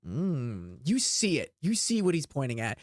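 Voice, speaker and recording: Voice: mid-range voice, wildly swooping pitch, moderate pace, no room sound, clean studio sound. Casual, rambling game master. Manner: casual, filler-heavy, rambling. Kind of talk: narrating a tabletop game.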